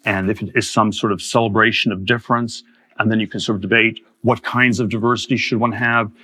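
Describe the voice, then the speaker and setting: A man in his fifties giving a public lecture, talking haltingly with many restarts and repeated words. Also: fairly low pitch, flat delivery, sharp tone. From Germany. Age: 50s. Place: lecture hall.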